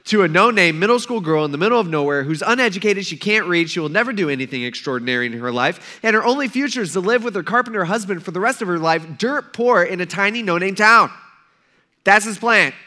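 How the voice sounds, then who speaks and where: A man's voice: high-pitched, expressive, quick pace, bright, forceful tone. A young man preaching a sermon as pastor, in a casual, conversational way with playful acted asides.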